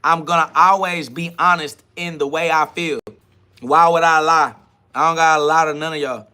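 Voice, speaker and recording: Forceful, confrontational ranting man. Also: a little high, fairly even intonation, moderate pace, smooth. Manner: confrontational, profane, preachy. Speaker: podcast host. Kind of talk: livestream self-talk rant.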